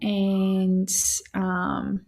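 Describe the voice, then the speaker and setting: A woman's voice: mid-range voice, completely flat delivery, extremely slow, a little mellow. A young woman hosting a livestream from home, chatting casually with viewers in a rambling way with lots of fillers. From Australia. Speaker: livestream host.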